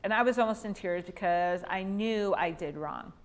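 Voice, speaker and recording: A woman in her thirties with a mid-range voice, teaching a women's church class. She tells her story with lively, acted-out quotes. She speaks to the room in a storytelling way. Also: medium pitch, moderate pace. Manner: animated, acts out her own story with quoted lines.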